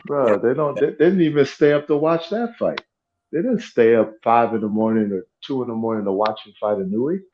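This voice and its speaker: A man chiming in to a casual live chat about boxing. His audio comes through a dull, slightly lo-fi call line. He talks in quick bursts with restarts. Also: mid-range voice, lively intonation, a little hiss or hum.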